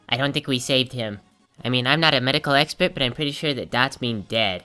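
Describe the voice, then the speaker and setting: A woman's voice: rumbling low, brisk, pushed and bright. Sarcastic woman gaming commentator. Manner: sarcastic, jokey. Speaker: let's play host. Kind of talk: comedic game commentary. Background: game music.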